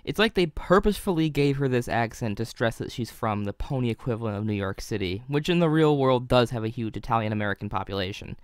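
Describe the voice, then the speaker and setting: A man's voice: medium pitch, expressive, fast, few pauses, smooth, no room sound, studio quality. A young man narrating a scripted video review in an analytical way, with wry asides.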